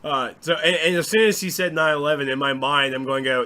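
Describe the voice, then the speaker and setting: A man from the United States co-hosting a casual gaming chat, animated and sarcastic. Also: on the high side, fast. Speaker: podcast co-host.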